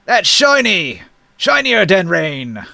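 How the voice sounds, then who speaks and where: A game master doing big, dim-witted giants who bicker in broken grammar. The voice is pushed up high and bright, and it drags each word out slowly and loudly. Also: male voice, huge pitch swings, vocal fry, no echo, heavily acted. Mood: dopey. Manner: broken simple grammar, loud and drawn out.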